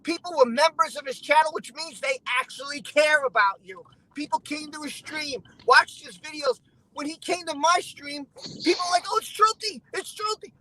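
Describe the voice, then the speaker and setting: A man speaks in a bright, high voice, heated and emotional as he vents on a live stream. He keeps repeating himself. The sound is dry and close. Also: normal speed, dry recording, poor audio. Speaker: stream guest. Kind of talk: casual chat.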